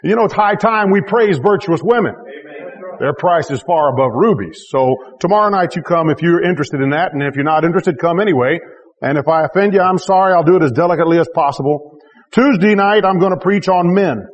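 High-voiced preaching man in reverberant church. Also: brisk, muffled recording, a little hiss or hum. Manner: emphatic, repeats key phrases with rising intensity; joking asides to the congregation. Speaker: pastor. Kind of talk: sermon.

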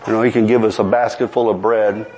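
A man's voice: fairly low pitch, little pitch movement, fast talker, slight background noise, low-quality recording. A man preaching a sermon with drama, quoting old scripture and acting out the people in the story. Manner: dramatic, acts out voices, rising to near-shouts; quotes King James scripture.

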